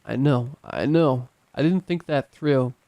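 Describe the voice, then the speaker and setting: A man's voice: medium pitch, no room sound, lo-fi sound, natural voice. A man voicing a choked-up, grieving old man. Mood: remorseful. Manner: halting, apologetic. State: choked up, crying.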